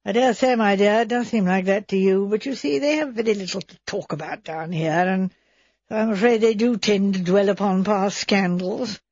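Woman reading as old country doctor, measured, wry, husky, dull sound. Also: mid-range voice, darkish tone, no echo, natural voice. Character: calm, wry older male village doctor.

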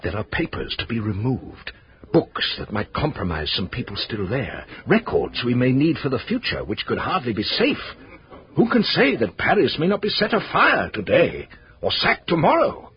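A man's voice: mid-range voice, huge pitch swings, normal speed. An actor playing a kindly, dutiful bank clerk of nearly eighty in a radio drama, speaking in a wry, fatherly way. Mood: earnest. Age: older. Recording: muffled old radio broadcast.

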